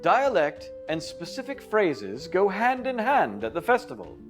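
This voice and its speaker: A man's voice: high-pitched, huge pitch swings, unhurried, over music. A man in a put-on English accent narrating a training video in a playful, theatrical and emphatic way.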